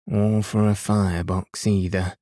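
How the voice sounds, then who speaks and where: A man's voice: fairly low pitch, little pitch movement, unhurried, mellow, no echo, clean studio sound, close to an everyday voice. A man doing a curt, sour toy merchant. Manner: muttering, curt.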